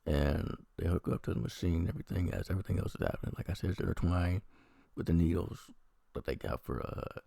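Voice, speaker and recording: A man's voice: sits low, animated, fast, creaky, warm tone, dry recording, clean studio sound. A man from the American Midwest casually reviewing a TV episode while feeling unwell, rambling and sarcastic, with frequent swearing.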